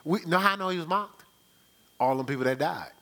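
Male pastor, bright tone, loose rhetorical sermon delivery with frequent call-outs. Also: a little high, a little fast. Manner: conversational, rhetorical, checks in with "right?". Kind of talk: live church sermon.

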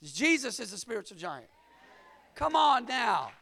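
High, gravelly, shouting preacher man. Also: measured pace, slight background noise. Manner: energetic, shouting at peaks, call-and-response. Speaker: pastor. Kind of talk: sermon.

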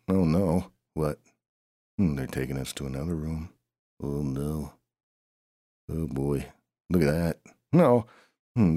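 Deep-voiced man with a gravelly, mellow tone, grumbling comic narration full of sighs. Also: no echo, clean studio sound. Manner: grumbling, sighing, talks to himself in two alternating voices. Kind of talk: improvised comic narration of a story.

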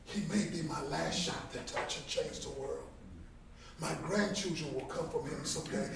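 A man in his fifties giving an impassioned motivational sermon at a Bible study, emphatic, swinging from hushed to loud. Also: a little high, moderate pace, creaky. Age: 50s. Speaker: guest speaker at a Bible study. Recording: very echoey room, distant mic, faint background noise.

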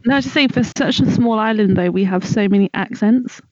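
A woman's voice: mid-range voice, a little fast, darkish tone, no room sound. A British woman, a guest on a podcast, chatting casually in a matter-of-fact, wry way. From United Kingdom. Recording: dry, muffled online call audio.

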